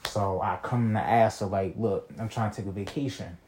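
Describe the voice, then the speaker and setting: Young man, low-ish voice, casual vlog storytelling, slangy, rambling. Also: moderate pace, a little mellow, slight background noise. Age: young adult. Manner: slangy, rambling, frequent "you feel me" and restarts. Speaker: vlogger telling a personal story.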